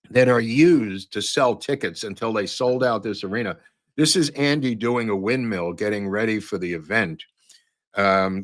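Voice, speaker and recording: A man's voice: fairly low pitch, a bit bright, no room sound. A man hosting a podcast, talking casually over photos and clips in a rambling way with many fillers and restarts. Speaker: podcast host.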